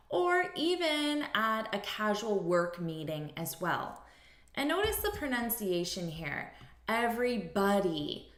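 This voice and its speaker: A woman with an American accent teaching an English lesson, speaking clearly and repeating phrases for learners. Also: medium pitch, fairly bright tone. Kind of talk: language lesson. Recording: echoey room.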